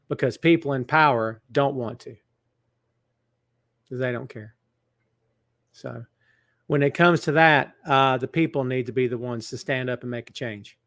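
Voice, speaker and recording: Greeting viewers by name, a middle-aged man hosts a casual live-stream wrestling show from a large building, earnest throughout and somber when he gets serious. His voice is medium-pitched and a bit bright, recorded dry with studio quality on a webcam setup.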